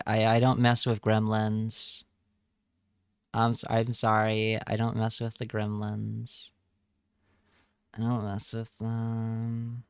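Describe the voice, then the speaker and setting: A man's voice: mid-range voice, clean tone, dry recording, studio quality. A man chatting casually on a live stream, reading chat aloud and joking around. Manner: playful, jokey, reads chat aloud.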